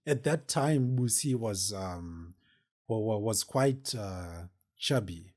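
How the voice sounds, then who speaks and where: A man's voice: fairly low pitch, animated, takes it slowly, darkish tone. A man hosting a podcast, telling a personal story casually in a rambling way, with many fillers and restarts. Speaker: podcast host.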